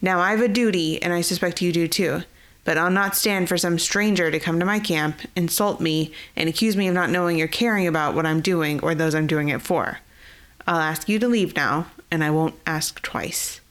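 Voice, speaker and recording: Stern half-orc boss guy, low and firm, slow warning tone, woman reading him. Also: fairly bright tone, natural voice.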